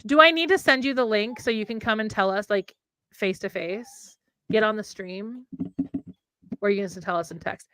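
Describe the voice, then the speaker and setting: A woman's voice: mid-range voice, normal speed, pushed and bright, smooth, dry recording. A woman co-hosting a casual livestream chat, rambling and breaking off to talk to her pet. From United States. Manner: rambling, talks to her pet mid-sentence. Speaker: co-host. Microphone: condenser mic.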